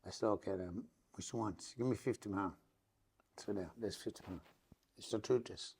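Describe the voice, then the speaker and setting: Gravelly irish traveller guy, lowish voice, rambling storyteller, keeps swearing it's the truth. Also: moderate pace, darkish tone. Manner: rambling, repeats oaths of truth. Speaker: podcast guest. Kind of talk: emotional storytelling.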